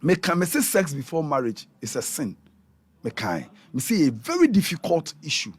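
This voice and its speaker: A Ghanaian man, a prophet who guests on a radio talk show, preaching in a lively way and switching between Twi and English. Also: fairly high pitch, normal speed, breathy edge. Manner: animated, mixes Twi and English, acts out quotes.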